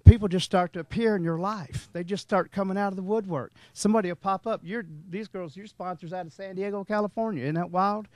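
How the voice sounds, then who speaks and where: A middle-aged man tells a folksy, rambling story to a room, laughing as he goes. His voice sits fairly high for a man. The sound is close and dry. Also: brisk, hardly any pauses, no echo. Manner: animated, rambling, laughs often. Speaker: motivational speaker at a sales meeting. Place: meeting room.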